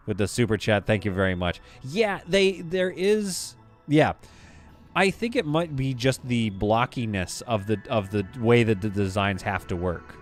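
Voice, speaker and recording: A man's voice: mid-range voice, lively intonation, moderate pace, soft background music. A man casually talking through a game on a live stream, reading viewer comments aloud. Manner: casual, chatty, reads chat aloud.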